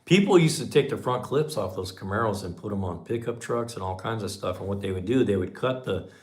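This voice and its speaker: A man's voice: on the low side, lively intonation, a little fast, darkish tone. A man in his fifties hosting a livestream, telling a car story in a folksy, chatty way and acting out the dialogue. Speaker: channel host on a livestream.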